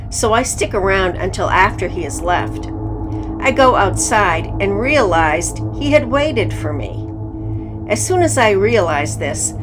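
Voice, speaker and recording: A woman narrating reader-submitted stories in the first person, in an even, matter-of-fact way. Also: mid-range voice.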